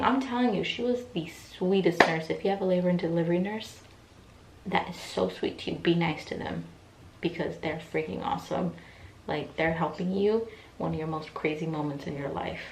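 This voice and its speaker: Young woman, casual storytime, animated, lower voice, roomy echo. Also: slight background noise. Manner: chatty, animated retelling with quoted voices. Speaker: vlogger. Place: room at home, in pajamas. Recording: echoey room, mic set back.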